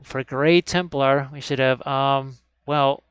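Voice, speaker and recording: A man gives a live miniature painting lesson at an indoor hobby desk, talking slowly in a clear, resonant, mid-range voice with fairly even intonation and no echo. He's chatty and cheerful as he works, often repeating "look at this" to draw viewers in.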